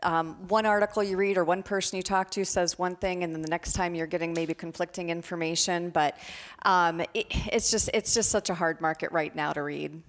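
A woman in real estate talking as a podcast guest, hesitant and filling pauses with "um". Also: lowish voice, steady tone. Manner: hesitant, frequent "um" fillers.

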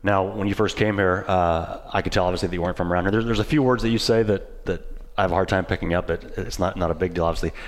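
A man interviewing a guest, asking quick, casual questions with small stumbles. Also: sits low, steady tone, big-room sound, a little hiss or hum.

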